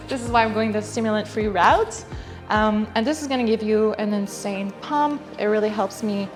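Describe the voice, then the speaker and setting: Chatty young woman vlogging a workout. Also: fairly high pitch. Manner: chatty, with fillers and small laughs. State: out of breath at times. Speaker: fitness vlogger. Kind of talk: casual talk to camera. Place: home garage gym.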